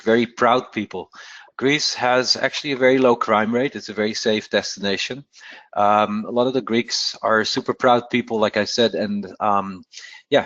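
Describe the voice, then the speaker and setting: A man presenting a slide talk about travel to an audience, conversational and often pausing with fillers. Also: fairly low pitch, a bit bright, no echo. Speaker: cruise line presenter. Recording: dry, dull lo-fi sound.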